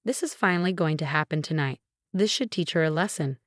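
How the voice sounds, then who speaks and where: A woman's voice: low-pitched, a little fast, no room sound, studio quality, natural voice. A woman voicing a scheming mother-in-law. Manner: sweet-talking then defensive.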